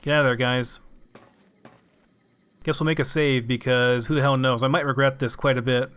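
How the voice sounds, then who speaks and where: A man's voice: medium pitch, steady tone, moderate pace, fairly bright tone, clean tone. A young man casually commenting on his game, musing aloud and swearing now and then. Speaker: gamer.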